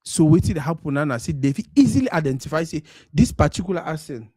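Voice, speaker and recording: A Cameroonian man with a Pidgin English accent hosts a live stream, talking casually and sliding between Pidgin and English while acting out the voices he quotes. His voice is a little high, husky and darkish, with lively intonation and a fast pace. The recording is dry and clean, with studio quality.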